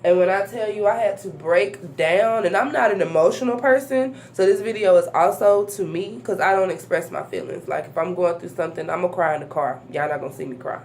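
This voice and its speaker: A woman's voice: fairly low pitch, darkish tone. Blunt, profane young woman vlogger. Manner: blunt, profane and preachy, with quick asides to viewers. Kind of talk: casual talking-to-camera vlog.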